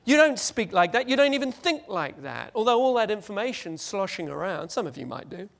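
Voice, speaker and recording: A man giving a lively, joking conference presentation and acting out little scenes. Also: sits high, fairly quick, gravelly, slight background noise. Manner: animated, jokey, acts out scenes. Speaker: conference speaker.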